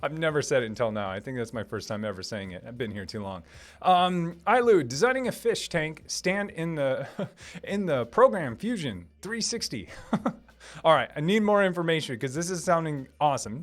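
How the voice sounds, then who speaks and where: Upbeat Minnesota man chatting on stream. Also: fairly high pitch. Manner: enthusiastic, lots of fillers and restarts. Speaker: streamer host answering chat; software engineer. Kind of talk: casual live-stream chat.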